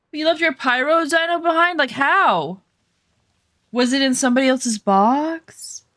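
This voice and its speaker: A woman's voice: high voice, slow, fairly bright tone, no room sound, clean studio sound. A woman streaming a survival game, chatting casually and jokingly with her viewers, swearing freely and poking fun at herself. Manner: self-mocking, easily flustered. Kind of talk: casual gameplay chat with viewers.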